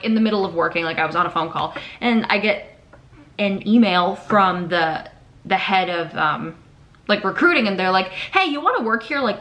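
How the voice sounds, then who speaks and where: A young woman in her twenties chatting candidly to camera, swearing freely and acting out what people said to her. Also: medium pitch. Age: 20s. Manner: candid, animated, swears freely, acts out quotes. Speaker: vlogger; patient navigator. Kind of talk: casual confessional chat.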